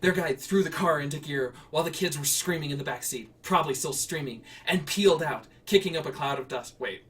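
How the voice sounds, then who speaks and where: A man's voice: on the high side, fairly quick, few pauses, a bit bright, far from the mic. A man streaming himself writing and reading flash fiction in a casual way, laughing and correcting himself with rambling asides.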